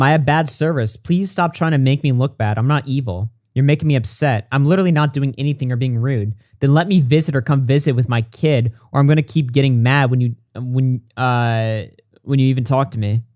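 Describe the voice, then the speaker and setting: The recording is dry and studio-clean, featuring a man with a medium-pitched, slightly mellow voice. As host of a commentary channel, he reads texts and reports quickly and reacts with blunt, profane remarks.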